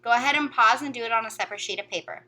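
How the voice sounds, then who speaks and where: A woman teacher giving a recorded phonics lesson to young children, sounding out letters and words slowly and carefully. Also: on the high side, sharp tone.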